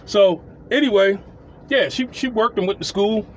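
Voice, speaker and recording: High-voiced man telling landlord stories. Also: moderate pace, a little hiss or hum. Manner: blunt, profane, rambling with repeats. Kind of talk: casual storytelling.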